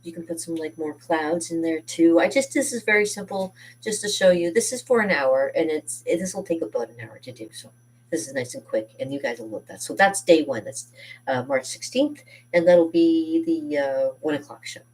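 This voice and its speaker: Far from the microphone, a deep-voiced, dark-toned woman animatedly shows kids' painting projects at a moderate pace. She's an art teacher chatting casually and enthusiastically, often using fillers and correcting herself.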